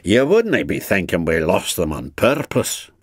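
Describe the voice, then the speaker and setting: A man's voice: sits low, wildly swooping pitch, normal speed, husky, no room sound, clean studio sound, heavily acted. A man voicing a pair of solemn male Scottish engine twins who talk in a sly, evasive, respectful way. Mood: sly innocence.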